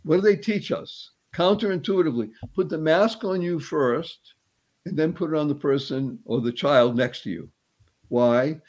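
A man with a somewhat high voice gives a lively, uplifting motivational talk as a guest on a show. He teaches playfully, putting questions to his host, and slows right down to draw out words that matter. His tone stays spiritual and encouraging. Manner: slows and stretches words for emphasis. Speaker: guest speaker.

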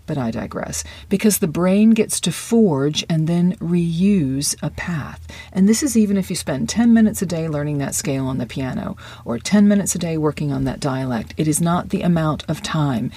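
A mellow, low-key voice with a slightly husky, breathy edge, talking like a coach encouraging students. The delivery is conversational, sometimes slipping into quick asides and hushed whispers for emphasis. The sound is close and dry, with no room echo. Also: expressive. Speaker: acting coach. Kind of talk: podcast-style lesson monologue.

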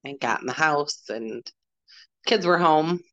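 A woman in her forties, a podcast guest, telling a personal story in a halting way, retelling what people said. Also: sits low, expressive, fairly bright tone, no echo, dull audio. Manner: halting, retells dialogue with "I'm like".

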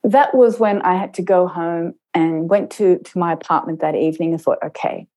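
A middle-aged woman, an intercultural trainer, telling a personal story in a reflective interview and slowing down to stress her points. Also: fairly low pitch, warm tone, rough recording. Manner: measured, slows down to stress points.

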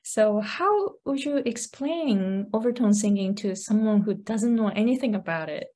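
A woman's voice: medium pitch, expressive, normal speed, dark tone. A woman interviewing a throat singing teacher, asking brief, enthusiastic questions.

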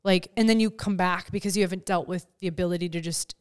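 Smooth-voiced woman podcast host. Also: on the low side, quick pace. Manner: animated, acts out quoted lines. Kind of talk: casual podcast chat. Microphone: close studio mic.

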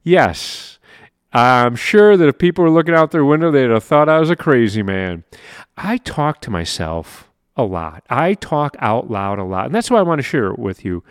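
A man's voice: mid-range voice, moderate pace, smooth, dry recording, clean studio sound. Upbeat man hosting a motivational podcast. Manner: upbeat, animated, laughs often, repeats words. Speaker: podcast host and life coach. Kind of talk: solo motivational podcast monologue.

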